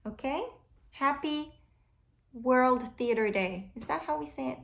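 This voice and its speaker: Woman, dreamy inspirational chat, slow and unhurried, lots of "like". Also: high-pitched, creaky, a bit bright. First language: French. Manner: slow, dreamy, uses "like" often. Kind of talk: casual inspirational talk to camera.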